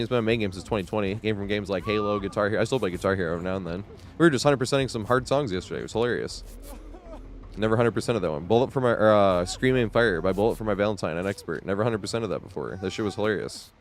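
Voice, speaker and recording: A man streaming live gameplay, rambling in casual commentary, swearing and laughing often. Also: fairly low pitch. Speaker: game streamer.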